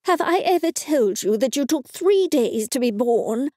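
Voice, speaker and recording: A woman's voice: sits high, expressive, measured pace, darkish tone, dry recording, clean studio sound, voice pushed up. A woman with an Australian accent voicing a fussy, scolding older mother.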